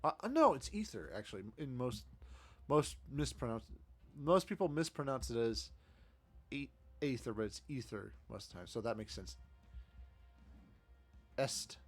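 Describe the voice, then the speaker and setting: A man's voice: medium pitch, sing-song, normal speed, pauses often, soft background music. A man streaming a game, chatting casually, laughing a lot and poking fun at himself. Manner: chatty, self-deprecating, laughs often. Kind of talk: casual gameplay commentary.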